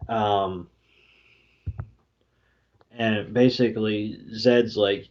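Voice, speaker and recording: Slow, low-voiced man recapping a movie. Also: steady tone. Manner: slow, filler-heavy retelling with quoted lines. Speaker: podcast co-host. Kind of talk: casual podcast recap. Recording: dull lo-fi podcast audio.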